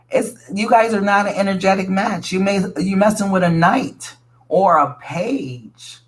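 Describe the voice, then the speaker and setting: Man, tarot reader, somewhat high voice, casual, blunt and profane, calls people sweetie. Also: a little slow. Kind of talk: casual tarot reading to viewers.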